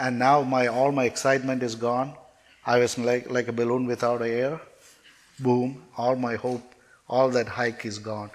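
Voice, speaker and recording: A man's voice: mid-range voice, little pitch movement, unhurried. A man preaching a sermon as a personal testimony, telling his story earnestly and emotionally, often stumbling and restarting his words.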